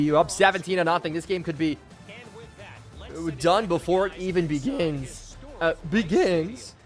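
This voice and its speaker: A hoarse, fairly high-pitched man in his twenties from Pennsylvania gives hyped commentary during a live game stream while chatting with his viewers.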